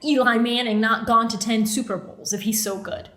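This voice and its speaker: A bubbly woman co-hosting a casual chat show, quick to laugh as she leads each new topic. Her voice sits somewhat high. The room adds an audible echo. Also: steady tone, fairly bright tone. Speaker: podcast co-host. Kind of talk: casual banter. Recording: roomy echo.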